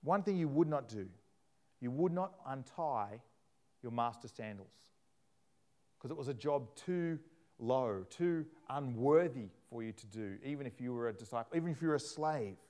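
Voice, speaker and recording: A man preaching a sermon, animated, acting out scripture in different voices. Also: medium pitch, moderate pace.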